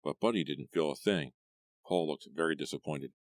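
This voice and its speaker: A man narrating an audiobook story with expressive storytelling. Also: very deep voice, moderate pace, no room sound. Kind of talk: scripted narration.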